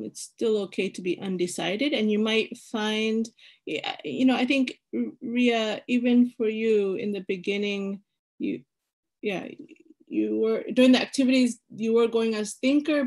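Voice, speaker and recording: A woman's voice: medium pitch, unhurried, darkish tone. A woman leading an online personality-type workshop over a video call, talking in a chatty, hesitant way with many fillers and restarts.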